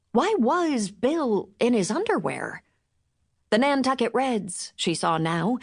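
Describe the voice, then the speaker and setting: A woman narrating a novel in measured, expressive storytelling. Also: mid-range voice. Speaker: audiobook narrator. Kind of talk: scripted audiobook narration.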